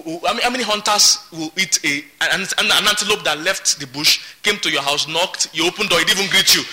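A man's voice: high-pitched, bright, forceful tone. A man preaching a sermon as pastor, emphatic and repeating his words. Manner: emphatic, repeats words, laughs between points.

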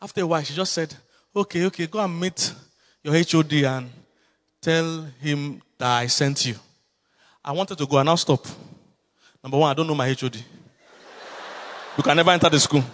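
Man, Nigerian accent, pastor, sermon storytelling, animated, high-ish voice, long reverb. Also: fairly quick, pauses often. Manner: animated, swings between low asides and loud exclamations.

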